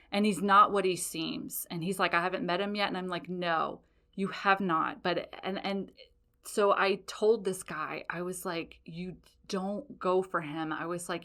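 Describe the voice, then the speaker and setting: A woman podcast host telling stories in a casual, rambling monologue, animated and profane, with frequent laughs. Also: lowish voice.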